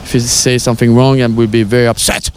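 A man's voice: medium pitch, level tone, quick pace, a little hiss or hum. Older French-accented man, outdoors. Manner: hesitant, many fillers, playful. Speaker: former tennis pro interviewee. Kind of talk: casual interview.

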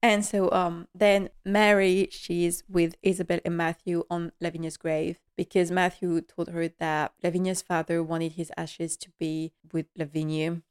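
Woman host with a lowish voice who gushes through an episode recap, very emotional. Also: flat delivery, a little slow, hardly any pauses, clean tone. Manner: gushing, emotional, many fillers.

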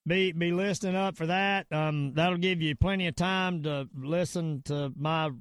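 A man's voice: fairly high pitch, fairly even intonation, a little slow, smooth, no echo. Rambling middle-aged Southern man, dry sound. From Virginia / North Carolina area, US. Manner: rambling, repeats words, emphatic. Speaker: podcast host. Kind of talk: casual podcast rant and sign-off.

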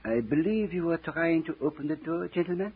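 An actor playing a sinister, stiffly formal waiter-henchman in a 1940s radio drama, with a raspy voice and overly polite, menacing manner. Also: on the high side, animated, a little fast, exaggerated voice. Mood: coldly polite. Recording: tinny old radio transfer.

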